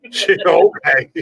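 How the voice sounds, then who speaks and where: Male podcast co-host, slightly high pitch, profane rambling banter. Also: gravelly, bright, forceful tone, breathy edge. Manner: profane, rambling, laughing often.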